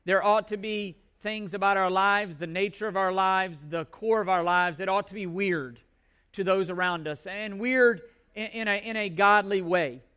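A man's voice: sits high, moderate pace, bright, forceful tone, clear, resonant tone. A male pastor delivering a sermon to his congregation in a church, emphatic and repeating key words for stress.

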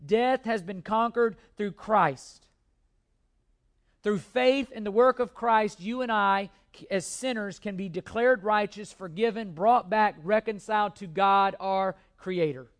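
A man's voice: high-pitched, a little slow. A male pastor preaching a sermon with emphatic repetition and occasional restarts.

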